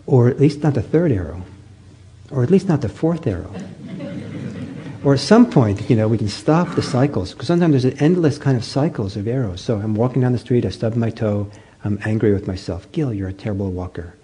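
A man giving a meditation talk, telling stories gently with many pauses, fillers and restarts. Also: medium pitch, animated, a little hiss or hum. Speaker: meditation teacher. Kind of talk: dharma talk.

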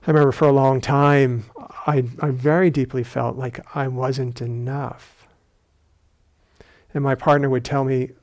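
A man with a gravelly voice edged with fry delivers a dharma talk at a meditation retreat center. As a meditation teacher, he speaks reflectively and without hurry, adding gentle humor in a mid-pitched tone that barely rises or falls.

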